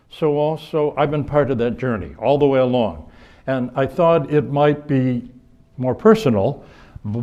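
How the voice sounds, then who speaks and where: An older American bishop gives a storytelling lecture to an audience in a conference hall, his mid-pitched voice warm and anecdotal. He rambles, corrects himself and restarts sentences, and the recording has its high frequencies cut off.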